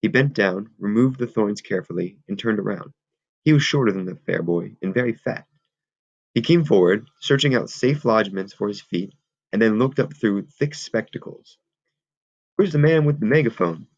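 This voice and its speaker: Gravelly low-voiced man reading a novel. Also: moderate pace, no echo. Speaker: audiobook reader. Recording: dull lo-fi recording.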